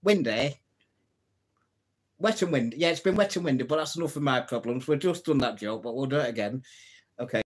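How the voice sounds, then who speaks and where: A man's voice: mid-range voice, a little fast, pauses often, breathy edge. A man runs a casual live stream, reeling off old gags and chuckling at his own puns. He speaks in a middling voice and talks straight to his viewers, greeting them and answering their comments. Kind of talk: casual live-stream chat telling jokes.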